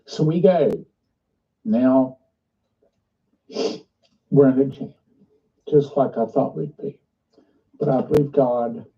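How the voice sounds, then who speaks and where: A man leading a ministry makes an earnest, halting fundraising appeal mixed with preaching. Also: medium pitch, creaky. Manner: earnest, halting, restarts often. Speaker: ministry leader. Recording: muffled, distant played-back clip.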